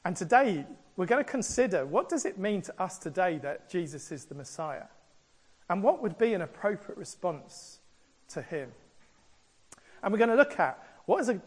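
A man preaching a sermon, telling the story in a lively way and acting out the voices in it. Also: high voice, breathy edge. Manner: animated storytelling delivery, acts out quoted voices.

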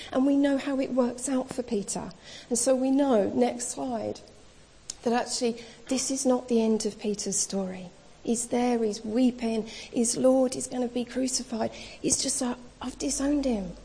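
High-voiced woman preaching in a hall. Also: warm tone. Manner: storytelling, acts out quoted dialogue in casual speech. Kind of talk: sermon. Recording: long reverb of a hall.

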